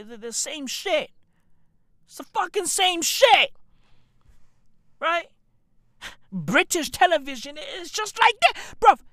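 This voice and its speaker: A man ranting on his podcast, slow and drawn out, mocking and swearing, one question after another. His voice is bright and sharp, recorded close and dry. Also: very high voice, no echo. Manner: profane, mocking, repetitive ranting with rhetorical questions. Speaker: podcast host. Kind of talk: comedic podcast rant.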